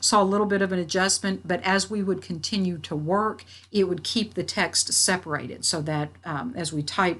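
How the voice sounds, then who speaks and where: A woman instructor walking through a software tutorial, reading out each step and checking her work as she goes. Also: on the low side. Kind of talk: screen-recorded software tutorial. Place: at a computer.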